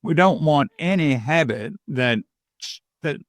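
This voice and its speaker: An older man from Georgia, a communication coach guest, giving measured, deliberate advice in points. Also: fairly high pitch, animated, dry recording. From Georgia, USA. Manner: measured, deliberate, lists points and quotes sayings.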